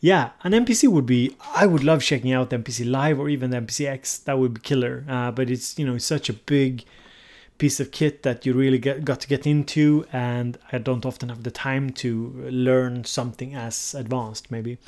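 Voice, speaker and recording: A man hosting a relaxed livestream and chatting with viewers. He thinks aloud and sometimes searches for the right English word. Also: mid-range voice, normal speed. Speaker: livestream host. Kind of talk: casual livestream chat, answering viewer comments.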